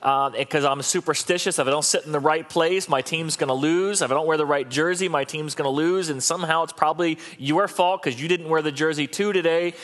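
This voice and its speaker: A man's voice: fairly high pitch, a bit bright. A middle-aged man preaching a sermon as a pastor, talking in a conversational, humorous and repetitive way.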